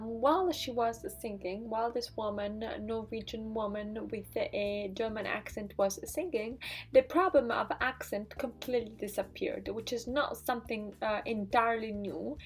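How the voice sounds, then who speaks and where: Hesitant woman explaining with many fillers. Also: fairly high pitch. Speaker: video host. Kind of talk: casual explainer talk.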